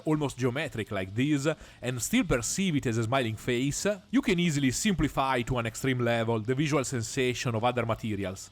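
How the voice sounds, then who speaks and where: A man giving a scripted painting tutorial, measured and explanatory, with frequent small pauses and the odd dry aside. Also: mid-range voice.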